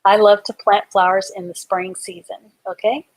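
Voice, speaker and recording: A woman's voice: mid-range voice, little pitch movement, moderate pace. A woman teaching a live online reading class, patiently spelling words out letter by letter and explaining them simply.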